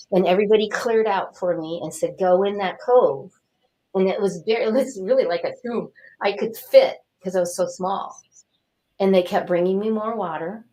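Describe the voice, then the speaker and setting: Older woman telling a story with animation. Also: medium pitch. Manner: animated, acts out quotes and cries. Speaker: guest telling her story. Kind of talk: casual storytelling.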